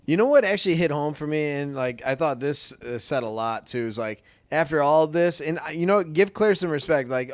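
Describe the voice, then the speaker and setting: Man, podcast co-host, rambling casual chat, smooth voice, dry sound. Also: a little high, expressive, brisk, few pauses, dry recording. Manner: rambling, filler-heavy, profane. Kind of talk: casual movie review chat.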